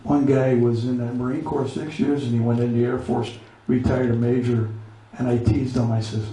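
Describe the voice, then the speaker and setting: A man's voice: mid-range voice, level tone, normal speed, warm tone. Man from Pennsylvania, rambling veteran storyteller, recorded in a very roomy space. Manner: rambling, repeats words, breaks off to give his dog commands. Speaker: veteran with a service dog. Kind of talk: casual spoken storytelling. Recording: very echoey room, mic far off, faint ambience.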